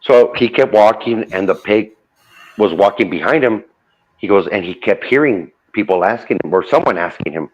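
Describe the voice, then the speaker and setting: A man's voice: lowish voice, expressive, normal speed. A man casually retelling a true ghost story, relaying the dialogue with lots of "I go" and "he goes.". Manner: loose retelling full of "I go" and "he goes". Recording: dull lo-fi audio.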